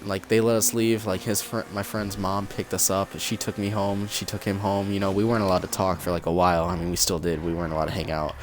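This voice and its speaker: A man's voice: low voice, level tone, fast talker, hardly any pauses. A young man vlogger casually telling a story while gaming, rambling with lots of "like" and acting out the quotes.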